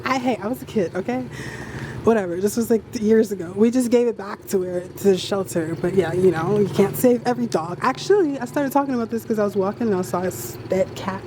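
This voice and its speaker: Young woman walking + vlogging on her camera, kinda high voice, rambly chatty storytelling, street noise right there behind her. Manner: rambling, chatty storytelling with self-mocking asides. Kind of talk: casual walking vlog chat. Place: outdoors walking down a city street. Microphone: handheld camera held while walking. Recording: street ambience clearly behind.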